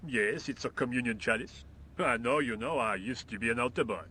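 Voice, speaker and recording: A man's voice: mid-range voice, fairly quick, sharp tone, husky. An actor playing a lazy, indifferent workman with a French accent, speaking in a dry, languid, sarcastic way in a video game.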